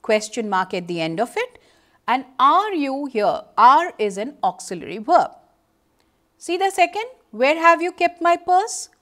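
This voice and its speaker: A woman's voice: sits high, sing-song, unhurried, fairly bright tone. A woman with an Indian English accent giving an educational lecture, explaining step by step and reading out example sentences. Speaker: teacher.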